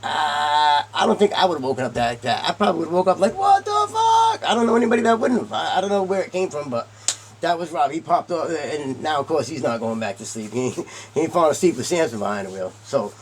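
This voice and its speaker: Young guy swearing his way through a story, kinda high voice, bit of noise behind. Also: quick pace. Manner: swears often, animated and rambling. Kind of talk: casual profane storytelling.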